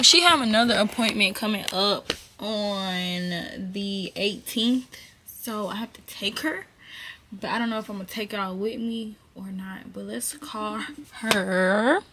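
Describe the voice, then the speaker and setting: A woman's voice: medium pitch, noisy background. A young woman, chatting informally and directly to her viewers on a vlog, recorded on a camera mic. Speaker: vlogger. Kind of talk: casual vlog chat to camera.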